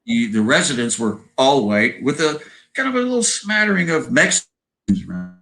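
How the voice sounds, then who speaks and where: A man's voice: medium pitch, big pitch swings, normal speed, bright, forceful tone, poor audio. A man around seventy with an American accent, a guest chatting in a rambling way over a video call and tagging his sentences with "you know" and "right?". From Southern California. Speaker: guest musician. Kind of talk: casual interview chat.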